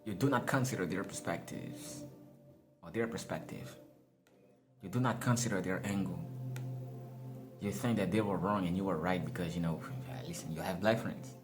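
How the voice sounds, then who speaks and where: A man's voice: deep voice, moderate pace, long pauses, over music. A man giving a casual motivational monologue, laughing often, swearing and calling his listeners y'all. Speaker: motivational speaker.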